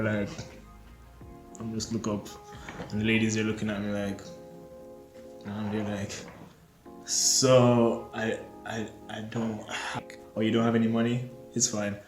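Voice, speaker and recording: A man's voice: on the low side, little pitch movement, moderate pace, pauses often. A young man telling a storytime vlog, animatedly acting out his own panicked reactions. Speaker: storyteller vlogger. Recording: echoey room with faint music.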